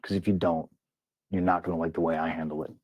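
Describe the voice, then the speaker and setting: Low-voiced guy telling a story straight, swearing a lot, dry close sound. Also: level tone, fast talker, breathy edge, no echo, highs cut off. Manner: blunt, profane storytelling, acting out quotes. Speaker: interview guest. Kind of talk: interview storytelling.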